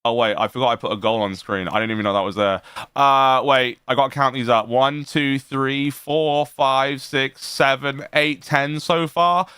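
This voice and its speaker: A man's voice: mid-range voice, fairly even intonation, normal speed, bright, forceful tone, clean tone, no echo. A man streaming, reacting to a clip in casual chat, laughing often and swearing freely. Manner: laughing often, profane, rambling.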